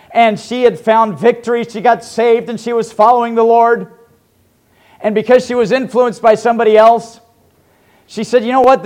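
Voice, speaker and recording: High-voiced man preaching with dramatic swings. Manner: swings between hushed low asides and loud fervent pleading. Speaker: pastor. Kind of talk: sermon.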